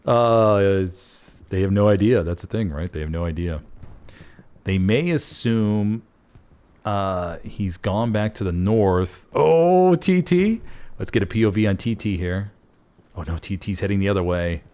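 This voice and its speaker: A man casting a competitive online shooter match play-by-play, folksy and excitable, jumping up in pitch at big plays. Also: unhurried, clean tone. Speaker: esports caster. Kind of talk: play-by-play game commentary.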